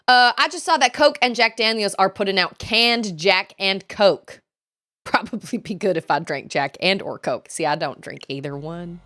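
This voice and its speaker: A woman's voice: medium pitch, expressive, unhurried, bright, forceful tone. A woman streaming a video game, chatting casually with her chat and laughing often. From Texas. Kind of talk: casual chat while gaming.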